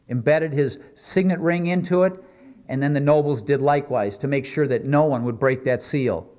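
A man's voice: medium pitch, a little mellow. A male pastor preaching a sermon, reading scripture aloud and then explaining it in a conversational way with many rhetorical questions.

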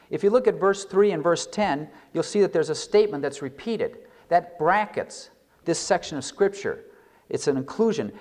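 In this sermon, a male pastor reads scripture with slow, deliberate expressiveness. His preaching is forceful, hitting key words through big shifts in pitch and volume and easing the pace on crucial phrases.

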